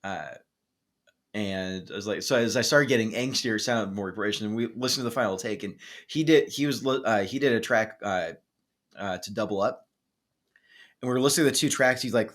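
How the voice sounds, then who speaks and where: A man's voice: on the low side, fairly quick, a bit bright. A man co-hosting a music podcast, telling a rambling story in casual chat with plenty of fillers and restarts. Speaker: podcast co-host.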